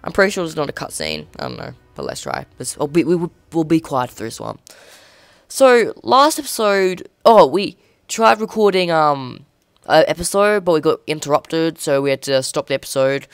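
A woman hosting a casual let's play with excitable, chatty commentary. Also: sits low, smooth, dry recording, clean studio sound. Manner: excitable, chatty, quick reactions. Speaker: gaming channel host. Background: faint game music.

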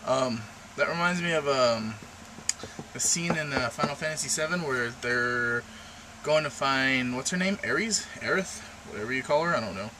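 A young man rambling and joking in a casual vlog from his room at the computer, with random asides. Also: moderate pace. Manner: random, jokey, rambling with sudden pitch jumps. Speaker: vlogger. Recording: noisy home recording.

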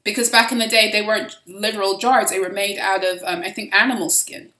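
A woman's voice: mid-range voice, fairly even intonation, brisk, bright, forceful tone. A woman giving a casual spiritual reading, talking in a rambling, profane way with frequent restarts. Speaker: spiritual reader. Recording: roomy echo.

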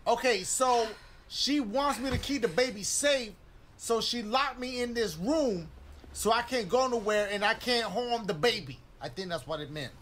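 Brief: animated man, loud and profane game commentary, lively pitch swings. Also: normal speed, slight background noise. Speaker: gamer playing a horror game. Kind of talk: casual let's play commentary.

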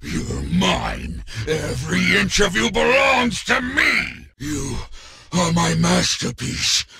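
An actor playing a middle-aged, obsessive and possessive male villain in a video game, with a raspy, gravelly voice and creepy crooning broken by sudden shouts. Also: sits high, very animated, takes it slowly, exaggerated voice. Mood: possessive obsession.

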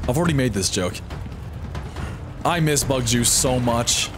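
A man streaming a horror game live, reacting in a goofy, excitable way and often yelping up high. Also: measured pace, slight background noise. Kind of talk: live gameplay commentary. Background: game music.

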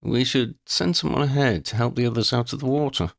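Man playing a polite young wizard, measured, tactful, gravelly tone, dry sound. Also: medium pitch, no echo, voice pushed up, natural voice.

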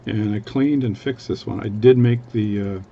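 A man's voice: fairly low pitch, steady tone, moderate pace, dark tone, lo-fi sound. A man from Canada, a watchmaker, chatting casually at his workbench in a rambling, self-interrupting way. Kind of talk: casual chat.

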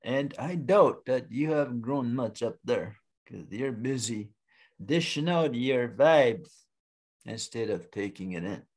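A man doing a calm, soft-spoken wise turtle. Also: mid-range voice. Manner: soft, quiet, measured. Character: calm wise small male turtle, patient. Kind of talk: oral storytelling.

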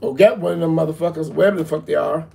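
Gravelly stammering man ranting. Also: on the high side, steady tone, rapid-fire, warm tone. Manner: stammering, repeating words, profane ranting. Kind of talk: comedic skit banter.

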